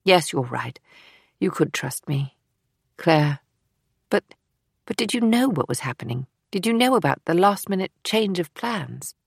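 A wounded former agent, pointed and questioning, her lines pitched a little higher as a woman reads her in an audiobook. Close, dry recording with no room echo. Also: sing-song, a little slow, gravelly, breathy edge, exaggerated voice. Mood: pressing. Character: woman, former wartime agent, hurt and pressing for answers. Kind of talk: audiobook character reading.

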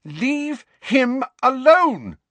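A man's voice: fairly high pitch, very animated, a little slow, a bit bright, no echo, voice pushed up, heavily acted. A man voicing a proud, furious teenage girl in an audiobook, speaking in a scornful, cutting way. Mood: indignant. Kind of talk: audiobook character reading.

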